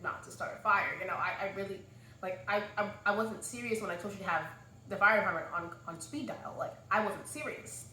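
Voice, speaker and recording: A woman voicing a gruff, stubborn young male fisherman who talks in curt grumbles, recorded in an echoey room. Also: medium pitch, a little fast, bright, forceful tone, slight background noise, close to an everyday voice. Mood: grumbling.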